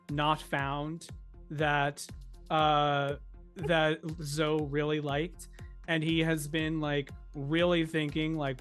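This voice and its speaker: A game master narrating a tabletop scene in a casual way, with many ums and frequent laughter. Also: mid-range voice. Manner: laughs often, fillers like um.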